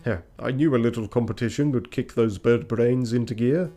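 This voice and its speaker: A man's voice: mid-range voice, moderate pace, warm tone, faint music behind, close to an everyday voice. A man voicing a brash, boastful male bird detective.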